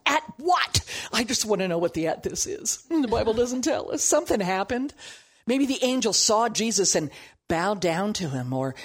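A woman teaching a Bible passage in an animated storytelling way, with humorous asides. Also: fairly low pitch, breathy edge.

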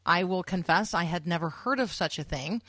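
A woman hosting a morning radio talk show, friendly and quick with some restarts. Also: fairly low pitch, fairly bright tone, no echo.

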